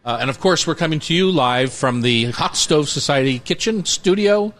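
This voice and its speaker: A man's voice: a little high, animated, normal speed, a bit bright. A man hosting a casual food radio show from a kitchen studio, upbeat and rambling with jokes. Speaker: radio show host and chef.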